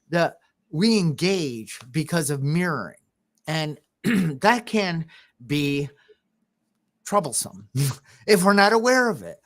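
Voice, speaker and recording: A man co-hosting a podcast, telling rambling personal stories, often chuckling and clearing his throat. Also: high voice, a bit bright. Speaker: podcast co-host. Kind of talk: casual podcast conversation.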